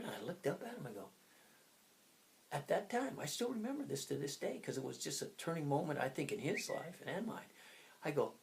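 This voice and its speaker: An older man in his sixties coaching and motivating in a loose, chatty way. His pitch leaps up and drops all over, and he wanders off on tangents, flipping from sudden loud bursts to near-whispered asides. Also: very animated, brisk, gravelly, a little hiss or hum. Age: 60s. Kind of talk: casual motivational talk.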